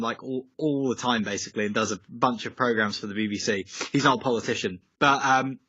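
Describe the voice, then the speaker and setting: A young man talks loosely over a video call, wandering off on tangents and padding his sentences with ums and likes. His voice comes across bright and forward. The call audio is dry and a little dull. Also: medium pitch, slightly rough, no room sound. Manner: rambling, goes off on tangents, many fillers. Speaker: musician guest.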